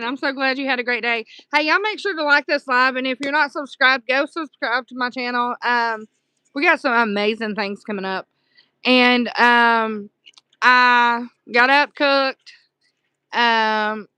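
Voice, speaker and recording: A woman with a Southern US accent hosting a casual livestream from a dark room at home at night, chatting warmly and answering her chat aloud with pet names. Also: a little high, steady tone, unhurried, smooth, dry recording. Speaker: livestream host.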